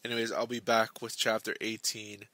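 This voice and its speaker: A young man hosting a casual book club talk, rambling with lots of halting restarts and fillers, recorded on a close mic. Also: on the low side, little pitch movement, bright, forceful tone, no echo.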